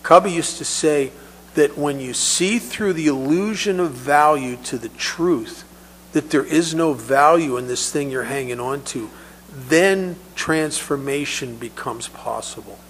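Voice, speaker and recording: A man's voice: fairly high pitch, a little slow, slight background noise, low-quality recording. A man telling personal stories at a recovery meeting, in a conversational way, often repeating words as he restarts. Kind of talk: personal storytelling talk.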